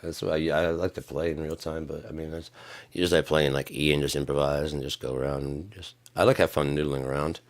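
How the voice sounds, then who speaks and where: Man, very low voice, live-stream chatter, sarcastic, rambling, bursts of mock anger. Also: steady tone, fast talker. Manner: sarcastic, swings into mock-angry yelling. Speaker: streamer and musician.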